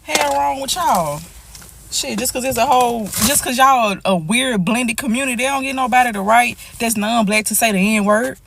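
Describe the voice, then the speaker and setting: A woman's voice: a little high, moderate pace, creaky, a bit bright, a little hiss or hum. A Southern woman in a parked car, ranting bluntly with lots of cursing into her phone. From Mississippi, US. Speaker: TikTok poster. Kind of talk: profane ranting monologue.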